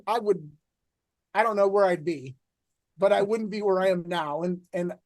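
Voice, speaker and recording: High-pitched middle-aged guy, excitable, lots of restarts, dry close mic. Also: no echo. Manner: energetic, talks in bursts with many restarts and fillers. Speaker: athletic director, podcast guest. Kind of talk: casual interview talk.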